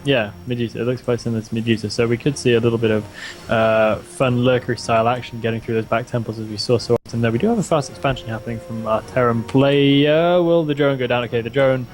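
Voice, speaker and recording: A man's voice: mid-range voice, fast talker. A young man casting a strategy game match in a casual, chatty way, often restarting his words. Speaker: esports caster.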